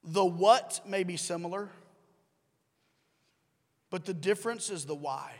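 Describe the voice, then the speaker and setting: A pastor preaching a sermon in a chatty, conversational way, asking the congregation questions and repeating key phrases. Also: male voice, sits high, a little slow. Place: church sanctuary. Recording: long reverb of a large hall.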